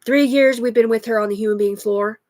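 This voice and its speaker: A woman's voice: a little high, fairly even intonation, fairly quick, darkish tone, no echo. A middle-aged woman in an agitated, rambling livestream monologue, heavy with profanity.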